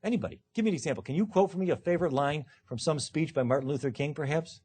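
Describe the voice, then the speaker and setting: A man's voice: a little high, racing, darkish tone, breathy edge. A man, a law professor, lecturing to a live audience in a punchy, emphatic way with dry self-mocking humor. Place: lecture hall.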